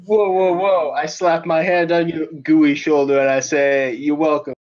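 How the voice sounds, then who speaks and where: Laughing tabletop player, lo-fi mic. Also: male voice, a little high, fairly even intonation, unhurried, darkish tone. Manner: laughs often, thinks aloud while checking rules. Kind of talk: casual tabletop game chat. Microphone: voice chat over internet.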